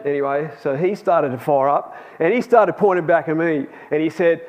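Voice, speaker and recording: A man's voice: a little high, moderate pace, few pauses, darkish tone. A man telling a personal story in a chatty, anecdotal sermon to a youth Bible class in a church hall. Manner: chatty and anecdotal, with laughs and restarts.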